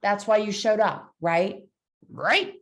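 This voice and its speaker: A middle-aged woman, a love coach, hosting a casual talk to camera in a playful, animated way. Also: lowish voice, normal speed. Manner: playful and animated, acts out voices with puppets. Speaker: love coach and show host.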